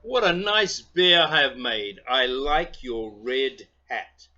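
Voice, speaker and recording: Man reading as a kindly old toy maker, gentle storybook voice, bright tone. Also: mid-range voice, sing-song, slow, muffled recording, exaggerated voice.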